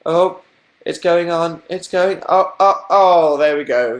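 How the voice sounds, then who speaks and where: A young man chatting casually on a livestream, telling stories, reading comments and laughing often. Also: slow. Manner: chatty storytelling, acting out quotes in higher voices, laughing. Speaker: livestream host.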